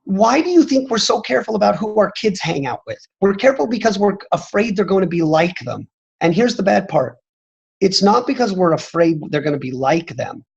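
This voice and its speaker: Emphatic executive on a muffled call. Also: male voice, high voice, expressive, brisk, creaky, slightly rough. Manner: emphatic, repeats "I'm telling you". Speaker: company executive answering questions. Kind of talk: motivational talk on a training call.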